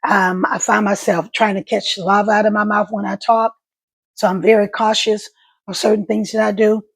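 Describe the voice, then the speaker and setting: Middle-aged woman vlogger, gravelly and husky, halting and repetitive, voice catches. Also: medium pitch, little pitch movement. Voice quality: voice catches and crackles when emotional. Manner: halting speech with repeated words. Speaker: stroke survivor vlogger. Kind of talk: casual talk to camera.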